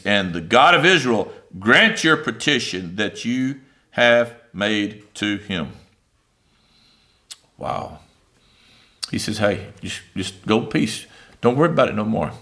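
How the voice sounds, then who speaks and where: Speaking in a lowish voice at a measured pace, a man preaches a sermon in an animated, conversational style full of fillers. He pauses often while reading scripture aloud and paraphrasing it.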